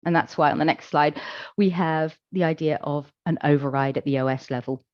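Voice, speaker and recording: A woman's voice: deep voice, fairly even intonation, a little fast, no room sound, highs cut off. A woman giving a conference talk, explaining things step by step with casual asides. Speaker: accessibility conference speaker.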